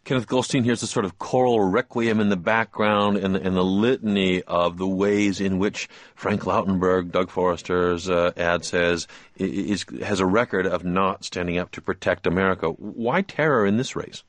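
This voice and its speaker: A radio host with a lowish voice leads a relaxed interview with his guests. He is plainspoken and sometimes stops to correct himself as he goes. The sound is close and dry, with no room around it. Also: normal speed, dry recording. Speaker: radio talk show host.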